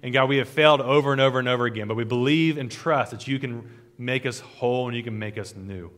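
A man, a pastor, preaching a sermon and leading a closing prayer, earnest and rhythmic, with his phrases falling softer at the ends. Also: medium pitch, fast talker. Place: church sanctuary. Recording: long hall reverb.

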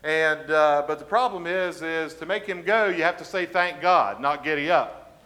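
A man's voice: fairly high pitch, moderate pace, bright, forceful tone. A man voicing a quirky old-time pastor in a joke, giving plain-spoken instructions. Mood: explaining. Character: odd old-time male country pastor.

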